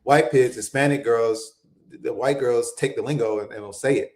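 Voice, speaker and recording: A man's voice: mid-range voice, moderate pace. Thoughtful male host, roomy sound. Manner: thoughtful, explaining points. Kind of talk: casual chat. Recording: roomy echo.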